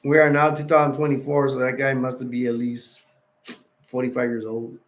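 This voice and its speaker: A man's voice: mid-range voice, little pitch movement, normal speed. A tired man hosting a late-night livestream, rambling casually and reading chat messages and wiki text aloud. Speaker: livestream host.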